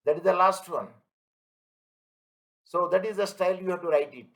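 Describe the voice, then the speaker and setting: High-voiced man lecturing. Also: moderate pace, rough recording. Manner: repeats points, asks if students follow; everyday analogies, emphatic. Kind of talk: online class lecture.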